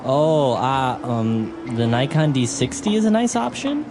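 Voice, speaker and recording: A man's voice: a little slow, noisy background. A man playing a flustered shop clerk. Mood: eager salesman. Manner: hesitant, apologetic, lively pitch. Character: flustered male camera store clerk. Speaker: actor in a listening dialogue.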